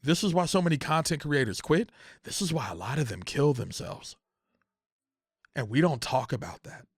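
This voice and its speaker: A young man in an emotional, profane rant about unpaid creative work, repeating phrases and climbing toward shouting. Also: medium pitch, lively intonation, moderate pace, breathy edge, no echo, studio quality. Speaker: content creator.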